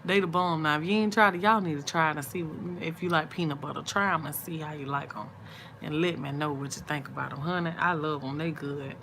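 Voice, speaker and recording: A middle-aged woman, chatting with her viewers late at night in a sleepy, drawn-out, easygoing way. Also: low-pitched, fairly even intonation, noisy background. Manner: chatty and drawn-out, soft and sleepy, murmured asides. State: sleepy, yawning. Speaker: vlogger on a late-night livestream.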